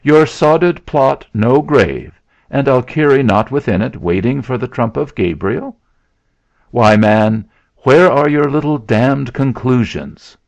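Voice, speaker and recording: A man voicing a blustering, sneering landowner in a storybook reading, taunting loudly. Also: sits low, expressive, measured pace, no room sound, exaggerated voice. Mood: shouting. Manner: mocking, shouting taunts. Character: blustering sneering middle-aged male landowner. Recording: dull lo-fi recording.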